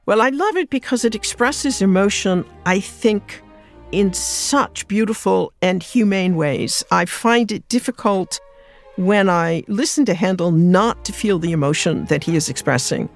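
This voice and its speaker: Reflective woman musicologist, gravelly edge. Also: mid-range voice, expressive, measured pace, soft background music. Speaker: musicologist guest. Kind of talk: interview answers.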